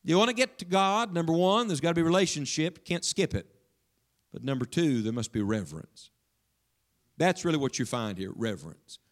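A man preaching a sermon to his congregation in a church, emphatic and questioning, dropping suddenly to a hush. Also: on the high side, expressive, moderate pace. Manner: speaks directly to the congregation with questions. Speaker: pastor.

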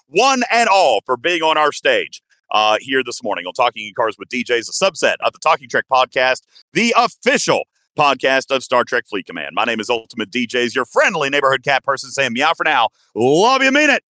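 A man in his thirties hosts a casual podcast with a bright, forceful voice recorded dry and close. He is playful and animated, and his pitch leaps high whenever he gets excited. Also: fairly quick, no room sound. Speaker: podcast host.

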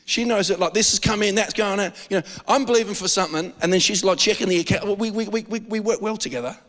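A man with an Australian accent preaching a sermon as pastor, animated and joking, with frequent restarts. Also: sits high, quick pace, in a large hall.

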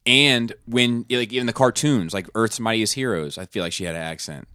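A man's voice: on the low side, moderate pace, sharp tone, clear, resonant tone, no echo, clean studio sound. A man in casual podcast chat, rambling with many fillers and restarts.

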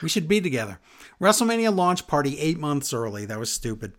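A man co-hosting a podcast, giving a casual, sarcastic recap of a wrestling show. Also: on the high side. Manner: animated, sarcastic, rapid asides. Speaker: podcast co-host.

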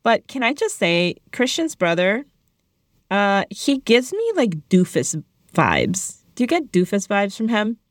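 A woman co-hosting a casual chat, recapping a movie in a blunt, animated, joking way. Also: medium pitch, unhurried, no room sound, studio quality. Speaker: podcast co-host.

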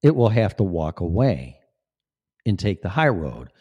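A man's voice: low voice, very animated, unhurried, darkish tone, husky, muffled recording. A man in his late fifties talking in a rambling, profane, emphatic monologue to camera. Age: 50s. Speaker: vlogger.

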